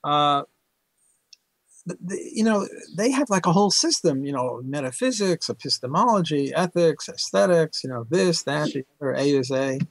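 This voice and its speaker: A man's voice: a little high, lively intonation, normal speed, no room sound. An older man, an economics professor, telling stories as an interview guest, rambling with many fillers and laughs. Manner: rambling, self-correcting, frequent "uh" fillers, bursts of laughter. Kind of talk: casual storytelling interview.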